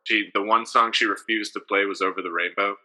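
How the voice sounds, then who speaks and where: A man's voice: fairly low pitch, steady tone, fairly quick, bright, forceful tone. A young man co-hosting a podcast, telling rambling stories full of fillers in casual comedic banter. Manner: rambling storyteller, frequent fillers. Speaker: podcast co-host.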